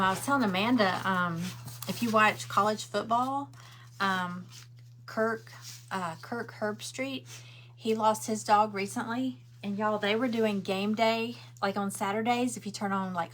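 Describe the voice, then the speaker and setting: A middle-aged woman hosts a craft livestream from home, chatting and rambling as she answers viewer comments while crafting. Her voice is medium in pitch with a fairly bright tone, and there's a little hiss or hum.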